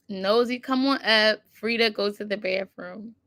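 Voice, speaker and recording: A woman's voice: mid-range voice, measured pace, fairly bright tone, no room sound. A woman hosting a casual livestream on her computer, chatting and reciting affirmations with frequent laughs. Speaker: livestream host. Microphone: computer mic.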